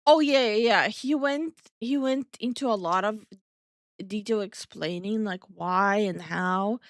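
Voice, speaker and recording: A woman's voice: medium pitch, measured pace, no room sound. A woman from Estonia co-hosting a casual stream chat, talking bluntly and swearing freely. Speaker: VTuber streamer and co-host.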